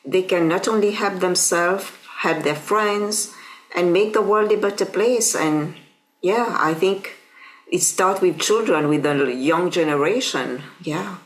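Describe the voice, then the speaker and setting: A woman's voice: lowish voice, unhurried, low-quality recording. A woman podcast host responding to her guest in an affirming, reflective way. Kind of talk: interview chat.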